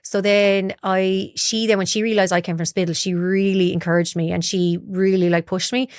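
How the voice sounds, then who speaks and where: A woman from Galway, Ireland, with a mid-range, clean, level voice speaks at normal speed in a dry, studio-quality recording. A broadcaster and interview guest, she tells chatty life stories and acts out quoted dialogue.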